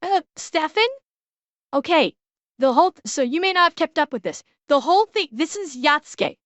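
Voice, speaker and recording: A woman's voice: high-pitched, lively intonation, moderate pace, a bit bright, dry recording. A young adult woman streaming a casual reaction, blunt and swearing freely, often restarting her sentences.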